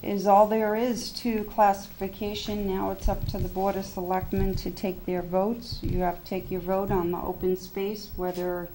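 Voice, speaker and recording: A woman's voice: mid-range voice, flat delivery, moderate pace, few pauses, warm tone, slight background noise. A woman who is losing her voice, a town assessor explaining things step by step at a public meeting in a town hall.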